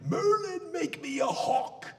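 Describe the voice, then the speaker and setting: A man putting on the booming, theatrical voice of a grand, despairing King Arthur. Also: lively intonation, slow pace, far from the mic, soft background music, full character voice. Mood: anguished. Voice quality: booming, shouted.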